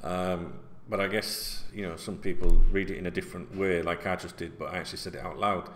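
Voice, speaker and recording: A man's voice: sits low, fairly even intonation, fairly quick, a bit bright, slight background noise. Sweary blunt man in his forties. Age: 40s. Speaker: football vlogger. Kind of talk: casual rant to camera.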